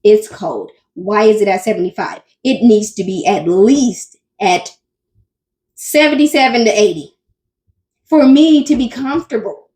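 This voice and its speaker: A woman's voice: fairly high pitch, a little mellow. A woman hosting a commentary channel, chatting casually and talking straight to her viewers. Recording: echoey room with faint music.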